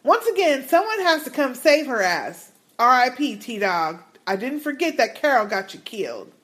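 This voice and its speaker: A woman's voice: sits high, very animated, moderate pace, a bit bright. A woman co-hosting a casual podcast, reading listener emails aloud and adding her own comments. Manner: reads emails aloud with asides and laughs.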